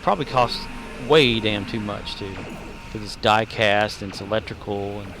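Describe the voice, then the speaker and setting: Music plays behind a man whose voice sits on the low side at a moderate pace. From the Southern United States, he offers casual game-stream chatter that wanders, jokes around and leans hard on fillers.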